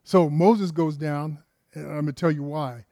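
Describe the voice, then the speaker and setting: A man's voice: a little high, fairly even intonation, moderate pace, mellow, no room sound, clean studio sound. A man preaching a conversational sermon, firing rhetorical questions at his listeners and often repeating words and restarting phrases.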